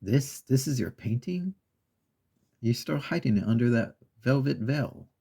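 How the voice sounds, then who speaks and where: A man voicing a proud, smug male cat artist in soft-spoken ASMR storytelling. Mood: scoffing. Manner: slow, low-key, breathy read with creaky edges.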